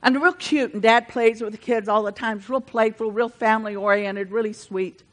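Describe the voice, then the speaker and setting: At a moderate pace and with fairly even intonation, an older woman delivers a sermon. She shifts from fervent passages, where she grows louder and higher, to chatty asides addressed to her congregation.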